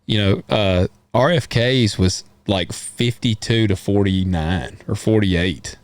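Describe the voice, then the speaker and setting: A man's voice: on the low side, takes it slowly, no echo. Rambling folksy American man, dry mic. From United States. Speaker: podcast co-host. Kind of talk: casual political chat.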